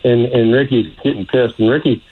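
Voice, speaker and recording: A man, a former ballplayer, telling an animated story in an archived interview clip. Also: medium pitch, fairly quick, slightly rough, narrow, tinny audio. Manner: animated, acts out voices in his story. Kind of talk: storytelling anecdote.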